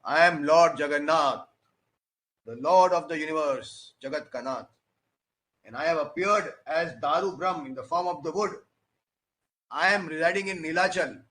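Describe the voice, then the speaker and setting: A man's voice: a little high, normal speed, fairly bright tone, pitched above the performer's own voice, natural voice, rough recording. A man voicing a male deity who speaks from the sky, in a solemn proclaiming manner, as part of a sermon.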